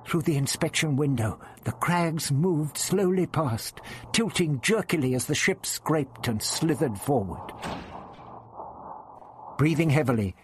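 Expressive male audiobook narrator. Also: a little high, measured pace, slight background noise.

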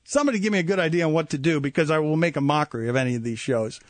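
A man's voice: a little high, very fast, no room sound. A man hosting a sports radio talk show, joking around and laughing at his own bits. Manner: wisecracking, laughs at own jokes. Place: radio studio.

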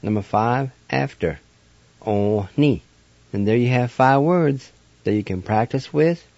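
In lo-fi sound with no echo, a male radio host and language teacher runs a slow spelled-out pronunciation lesson. His mid-range, slightly mellow voice has lively intonation and a moderate pace as he patiently spells words letter by letter and sounds them out.

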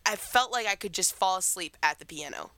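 Teen girl podcaster rambling about her week, bright voice, dry close sound, getting over a cold. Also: lowish voice, animated, brisk, vocal fry, no room sound. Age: teens. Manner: rambling, chatty. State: recovering from a cold. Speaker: podcast co-host. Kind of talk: casual chat.

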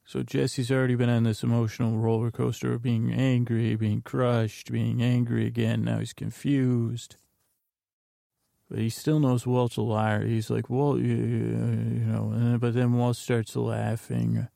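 A man's voice: medium pitch, level tone, unhurried, gravelly, warm tone, no echo, clean studio sound. A man hosting a podcast, casually retelling a TV episode in a rambling, jokey way with loose quoted voices. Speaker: podcast host. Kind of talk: casual comedic episode recap.

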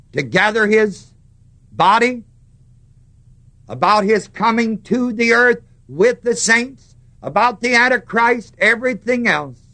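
A man preaching a sermon, stressing words slowly and putting questions to the congregation. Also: high-pitched, pushed and bright.

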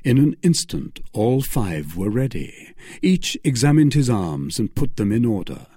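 A man narrating a classic adventure novel in a measured, expressive storytelling manner, close to the mic. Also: mid-range voice, husky, no room sound. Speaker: audiobook narrator.

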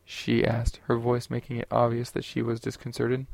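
A man narrating a science fiction audiobook in a steady, unhurried way. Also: mid-range voice, creaky, no echo.

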